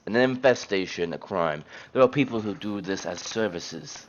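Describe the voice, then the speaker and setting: A man's voice: fairly low pitch, lively intonation, moderate pace, muffled recording, a little hiss or hum. A man playing a tabletop game, blunt and sarcastic, swearing now and then. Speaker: player. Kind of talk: casual tabletop game chat.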